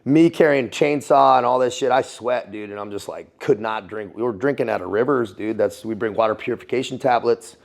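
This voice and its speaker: An American man in a casual interview, telling military stories in an animated, profane way, laughing often and calling the listener dude. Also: medium pitch, a little fast, gravelly, hardly any pauses. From United States. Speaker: guest, former Navy SEAL and Foreign Legionnaire.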